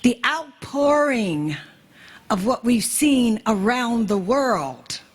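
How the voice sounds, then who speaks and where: A woman from the United States gives an emotional memorial address. Her voice is husky and sits a little high. She speaks slowly and measures out each phrase, leaning on repetition. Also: sing-song. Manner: slow and measured, with emphatic repetition. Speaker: ambassador giving a memorial statement.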